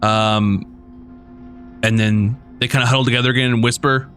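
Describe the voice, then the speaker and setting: A man's voice: mid-range voice, steady tone, a little slow, fairly bright tone, faint music behind. A man narrating a tabletop game as game master, rambling with lots of fillers.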